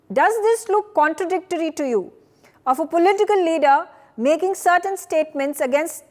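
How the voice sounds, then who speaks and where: A woman news anchor, briskly framing long questions for a panel debate. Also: high-pitched, long reverb tail.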